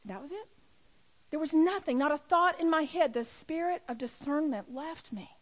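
A middle-aged woman with a high voice gives a personal testimony to an audience. She speaks as a women's ministry speaker, telling her story with emphasis and pushing her voice near a shout at the big moments. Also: normal speed. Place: room with a live audience.

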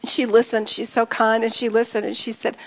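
A woman's voice: on the high side, level tone, fairly quick. Earnest middle-aged woman in a reverberant hall. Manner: earnest and heartfelt, addresses listeners directly. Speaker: speaker sharing a personal testimony. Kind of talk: emotional personal testimony to an audience.

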